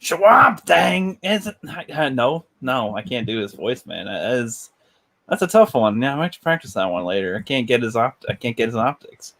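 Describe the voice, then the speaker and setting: Male stream host, rough husky voice, jokey and self-deprecating. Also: medium pitch, sing-song, normal speed. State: voice getting strained from doing voices. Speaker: channel host. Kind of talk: casual chat on a live stream.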